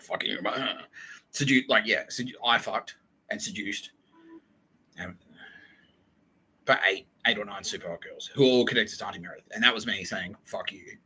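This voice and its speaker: A man's voice: on the low side, sharp tone, breathy edge, poor audio. A man hosting a podcast, telling a wild story in a rambling, profane comic monologue with frequent laughter. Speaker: podcast host.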